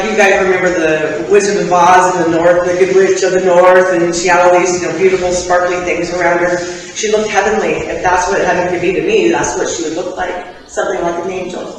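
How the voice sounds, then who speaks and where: A woman sharing her personal faith testimony with a church congregation, candid and conversational, with ums and laughing asides. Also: on the low side. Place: church sanctuary. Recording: echoey hall, voice from far off the mic.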